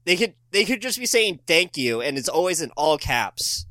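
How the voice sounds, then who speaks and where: A man on a casual podcast, ranting about small annoyances in a crude, mocking way and breaking into laughter. His voice sits a little high for a man. The sound is dry and close, with no room around it. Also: big pitch swings, normal speed, pushed and bright, no room sound. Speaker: podcast guest.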